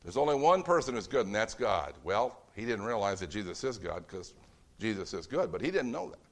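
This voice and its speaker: A man's voice: on the low side, big pitch swings, brisk. A man preaching a sermon in a conversational, storytelling way, acting out bits of dialogue in different voices. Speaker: pastor.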